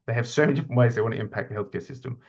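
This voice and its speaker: A man's voice: mid-range voice, rapid-fire, darkish tone, muffled recording. A middle-aged man gives an informal slide lecture as an academic lead, chatty, with many fillers and restarts. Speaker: university academic lead presenting a webinar.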